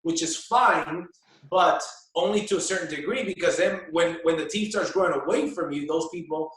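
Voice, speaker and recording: A man explains his views as an interview guest, pausing often with little fillers. His voice sits a bit high, and he sounds distant in a very echoey room. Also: fairly bright tone. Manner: hesitant, many fillers, explaining. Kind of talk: casual interview conversation.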